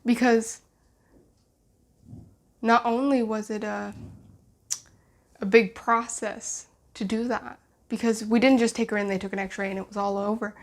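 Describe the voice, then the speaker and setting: A woman's voice: fairly high pitch, little pitch movement, unhurried, pauses often. A young woman vlogger telling a personal story in a casual, emotional, rambling way, full of restarts and acted-out dialogue.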